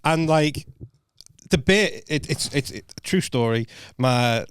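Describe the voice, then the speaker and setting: A man's voice: mid-range voice, expressive, slow pace, clean tone, no echo. Dry-sounding man telling a stammery story. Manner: stammering restarts, heavy swearing, laid-back. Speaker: stand-up comedian guest. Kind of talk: casual podcast storytelling.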